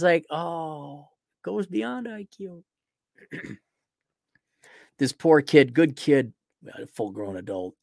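A man's voice: on the high side, vocal fry, darkish tone, dry recording, clean studio sound. Blunt, profane man ranting solo. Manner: sarcastic asides. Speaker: podcast host. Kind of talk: solo podcast monologue.

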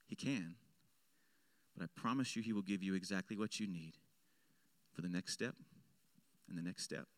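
A man preaching a sermon as pastor, swinging between loud emphatic lines and hushed low ones. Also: dry recording. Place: church.

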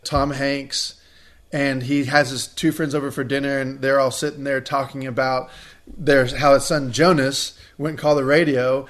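A man's voice: mid-range voice, normal speed. A man co-hosting a casual podcast chat, animatedly retelling film scenes and acting out the lines. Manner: animated storyteller, acts out movie quotes. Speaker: podcast co-host.

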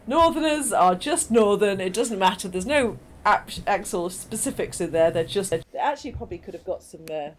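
A woman co-hosting a podcast in casual chat, wry and quick to laugh, swearing casually. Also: mid-range voice, animated, a little hiss or hum. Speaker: podcast co-host.

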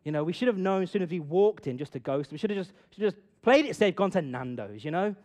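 A middle-aged man telling a personal story to an audience and drawing a lesson from it, swinging from loud bursts to hushed asides. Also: high voice, expressive, fast. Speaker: speaker addressing an audience. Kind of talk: storytelling talk with a moral.

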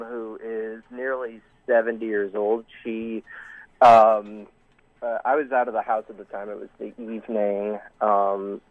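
A man's voice: mid-range voice, no echo. A man calling into a show, telling a long story in a rambling way with many restarts and fillers. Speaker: caller. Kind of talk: call-in phone story. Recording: dry tinny phone line.

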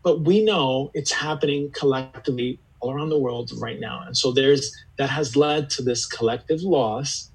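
A man with a slightly husky voice, speaking in an earnest, reflective way. He searches for his words as he goes, repeating phrases while he works out a thought. It sounds like an unhurried, thoughtful interview conversation. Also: medium pitch, poor audio. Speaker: podcast guest.

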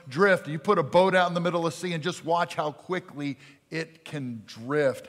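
A male pastor preaching a sermon earnestly, swinging from forceful emphasis to hushed, quiet lines. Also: a little high. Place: church sanctuary. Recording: church hall reverb.

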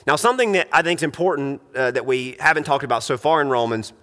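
A man's voice: mid-range voice, fast, pushed and bright, long reverb tail. A man preaching a sermon in an earnest, emphatic way, often restarting his sentences. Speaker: pastor.

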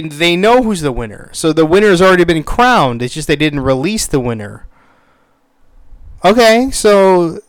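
Rambling, foul-mouthed man with a smooth voice. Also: fairly high pitch, no room sound. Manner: rambling with many fillers, swears a lot when worked up. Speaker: commentator on a TV show. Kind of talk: casual rant.

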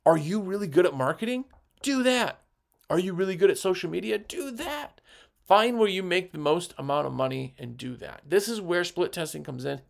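Gravelly, fired-up man giving a pep talk. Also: high-pitched, fast, hardly any pauses. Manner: pep-talk delivery, rambling with fillers and restarts; gets worked up, passionate. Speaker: sales rep on a podcast. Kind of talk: energetic motivational podcast talk.

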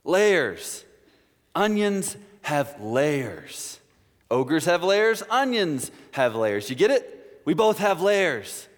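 A stubborn, blunt male ogre spells things out slowly and insistently, as a pastor briefly puts him on. The voice sits a little high and rings in the long reverb of a church. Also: big pitch swings, heavily acted.

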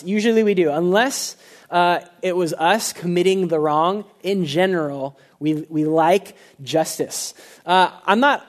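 A young man preaching a sermon in a casual, conversational way, full of fillers and personal asides. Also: high-pitched. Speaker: pastor. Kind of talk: sermon with prayer and personal stories.

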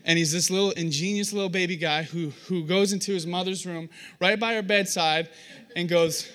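A young man delivers a sermon in a high-sitting voice at a moderate pace. He tells animated stories, acting out voices and poking fun at himself.

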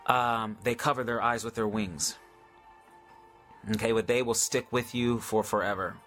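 A man of middle pitch answers viewer questions in a relaxed, chatty way. He is eager and excitable but often hesitates with ums and false starts. Faint music plays underneath. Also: moderate pace. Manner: enthusiastic, hesitant with many ums and restarts. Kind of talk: casual live Q&A about faith.

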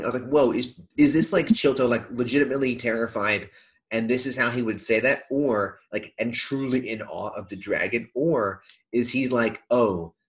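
A man co-hosting a casual podcast chat over a video call, lively and acting out quoted lines as he talks. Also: fairly low pitch, rough recording. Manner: animated, acts out quoted lines. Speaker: podcast co-host.

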